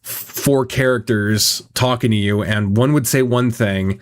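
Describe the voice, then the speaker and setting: A man's voice: medium pitch, a little slow. A man chatting casually on a live stream, rambling, swearing often and reacting to chat as a visual novel voice actor.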